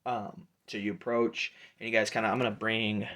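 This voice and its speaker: A man's voice: on the low side, level tone, a little fast, a bit bright. A man narrating a tabletop game as game master, casual and rambling.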